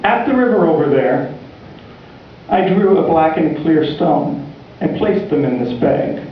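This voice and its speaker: A man voicing a scheming male rebel leader who speaks with calm, measured menace in a sermon story. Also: fairly high pitch, slight background noise. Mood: menacing. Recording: distant, echoey, dull church recording.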